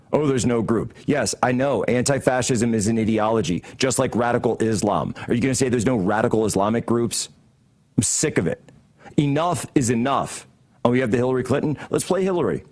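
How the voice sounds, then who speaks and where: A man's voice: medium pitch, animated, fast, darkish tone. A man hosting a political talk show from a studio, delivering heated commentary in a combative, sarcastic, mocking way. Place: broadcast studio.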